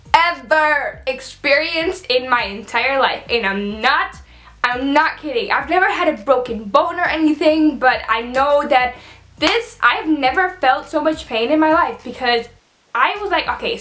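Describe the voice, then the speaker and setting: A woman's voice: high-pitched, a bit bright. A young woman, a native Dutch speaker, telling a chatty, dramatic storytime vlog with lots of "like" and casual swearing. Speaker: vlogger. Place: bedroom at home.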